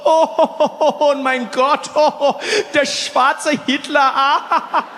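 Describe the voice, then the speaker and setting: Brief: comedian putting on a high-pitched, gleeful German buddy with a German accent, teasing, heard in a long-echo hall. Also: male voice, normal speed, a little hiss or hum. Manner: teasing, cackling, tags sentences with "yeah?". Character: jovial middle-aged German man friend.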